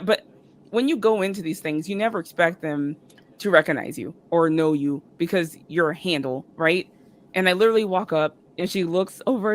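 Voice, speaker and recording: A woman guest on a podcast telling a story casually, full of "like" and "um", jumping high when she quotes people. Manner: chatty, full of fillers like "like" and "um"; jumps high and loud when quoting others. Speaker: podcast guest, fan content creator.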